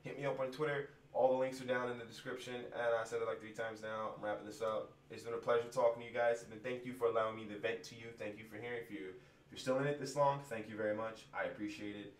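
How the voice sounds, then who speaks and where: A man's voice: medium pitch, fairly even intonation, quick pace. A man and musician venting to his viewers in a casual rant, frustrated and profane, rambling with restarts. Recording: echoey room, distant from mic.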